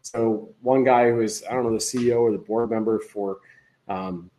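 A man's voice: on the low side, steady tone, moderate pace, mellow, low-quality recording. A man hosting a livestream, giving casual political commentary in a rambling, conversational way that often restarts. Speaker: livestream host.

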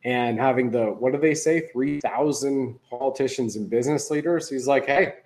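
A man's voice: medium pitch, moderate pace, darkish tone, poor audio. A man hosting a livestream, giving casual political commentary in a rambling, conversational way that often restarts. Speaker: livestream host.

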